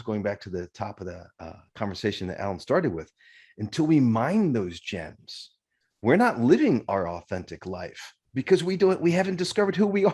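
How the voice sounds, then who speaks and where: A man's voice: medium pitch, a little mellow, husky. A man hosting a podcast interview who speaks in a reflective, sincere way and addresses his listeners directly. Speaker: podcast host.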